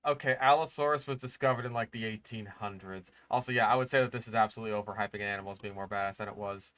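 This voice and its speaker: A man's voice: on the low side, fast talker, fairly bright tone, no echo. A man giving casual, profane live-stream commentary on a video, exasperated and sarcastic. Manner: exasperated, sarcastic, swears often.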